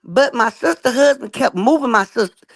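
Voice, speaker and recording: A woman with a gravelly, slightly high voice pours out an earnest religious testimony at a fast pace. She keeps checking in with her listeners as she goes. Her voice sounds dry and close. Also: expressive, dry recording. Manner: fast and emphatic, keeps asking "right?" and calling "y'all". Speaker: guest telling her story. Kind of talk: rambling personal testimony.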